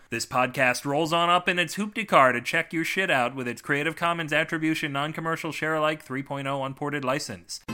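A man hosting a comic podcast and reading his own short story, full of sardonic, self-mocking deadpan asides. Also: medium pitch.

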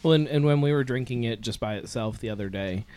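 A man in casual chat, measured and descriptive as he talks about flavors. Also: medium pitch, warm tone.

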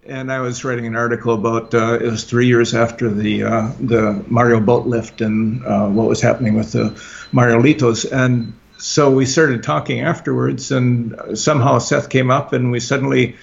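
Gravelly guy, halting, lots of uhs, dull muffled audio. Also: medium pitch, level tone. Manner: halting, many uh fillers and restarts. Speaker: guest author. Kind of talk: casual interview chat. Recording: dull lo-fi sound.

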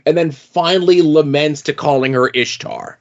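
Halting man chatting on a podcast. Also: on the high side. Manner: halting, searches for words with fillers. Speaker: podcast co-host. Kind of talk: casual podcast chat. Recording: slightly muffled lo-fi audio.

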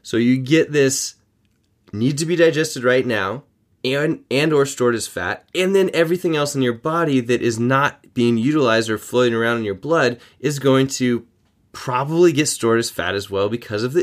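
A man hosting a fitness podcast, talking informally with joking asides and quick self-corrections. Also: mid-range voice. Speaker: podcast host. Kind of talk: casual fitness podcast monologue.

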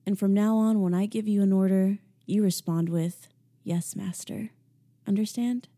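A woman voicing a smug, dominant young man who speaks slowly and tauntingly. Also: fairly even intonation, dark tone, lightly acted. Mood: commanding. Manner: slow, low, taunting.

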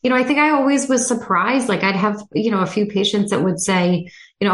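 A woman's voice: medium pitch, fairly quick. A woman speech-language pathologist in a casual conversation, speaking earnestly and reflectively with frequent fillers. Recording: echoey room.

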